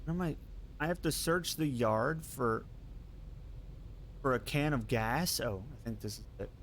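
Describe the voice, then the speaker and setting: A man streaming live gameplay, chatting casually with his viewers, quick to laugh and curse at what happens on screen. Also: mid-range voice, a little hiss or hum. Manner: excitable, laughs and swears at the game.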